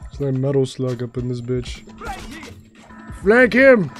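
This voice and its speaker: A man streaming a video game, commenting casually with excitable swearing and jokey outbursts. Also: mid-range voice, a little fast, over music. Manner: excitable, profane, jokey, bursts into silly singing.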